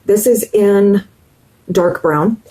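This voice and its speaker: A woman's voice: mid-range voice, extremely slow, mellow, a little hiss or hum, poor audio. A woman talking viewers through her makeup as a beauty vlogger, chatty and enthusiastic, addressing them directly. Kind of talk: casual makeup tutorial chat.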